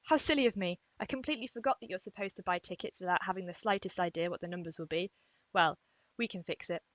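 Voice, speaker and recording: A woman's voice: fairly low pitch, quick pace, dry recording, lightly acted. Woman reading out a chill reassuring guy from a book, muffled dry sound. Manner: read aloud from a novel.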